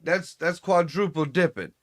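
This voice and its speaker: A man co-hosting a casual livestream chat, talking in a profane, joking and animated way. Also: fairly high pitch, moderate pace. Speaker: co-host.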